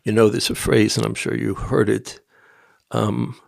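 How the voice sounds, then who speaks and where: An older man from Tennessee, a podcast guest, telling personal stories in a rambling, halting way with quiet asides. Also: on the low side, flat delivery, vocal fry. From Nashville, Tennessee. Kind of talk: personal storytelling in an interview.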